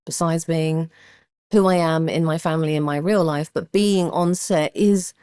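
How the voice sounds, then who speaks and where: A middle-aged woman chats casually as a guest, animated and quick to slip into voices. Her voice sits a little low. The sound is dry and close. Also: clean tone, no echo. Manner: animated storyteller, acts out voices. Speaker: guest actor. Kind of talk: casual chat.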